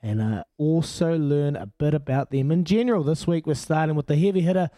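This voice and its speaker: A man's voice: on the high side, a little fast, mellow, no echo. A man with a New Zealand accent hosting a radio show, chummy and calling everyone mate. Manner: chummy, calls people mate. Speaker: radio host. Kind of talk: casual radio chat.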